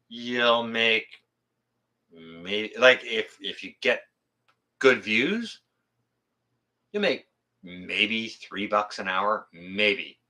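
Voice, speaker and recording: A YouTube channel host chats casually with viewers on a livestream, reading their comments. He's blunt, plain-spoken, and swears freely, rambling and correcting himself. His lowish voice is animated, pushed, and bright, and he speaks very slowly with long pauses.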